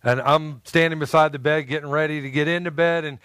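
High-voiced, animated storytelling preacher man. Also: a little fast, clean tone, dry recording, studio quality. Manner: animated storyteller who acts out quotes and jokes with the congregation. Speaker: pastor. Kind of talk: sermon with personal anecdotes.

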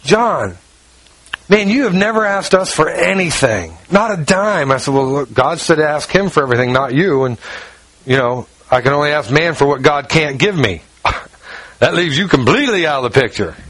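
A man's voice: lively intonation, normal speed, fairly bright tone, breathy edge, low-quality recording. A man preaching a sermon, telling a personal story in a folksy way, acting out quoted dialogue and reading scripture. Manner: folksy storyteller, acts out quoted dialogue, drops low for asides. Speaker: pastor.

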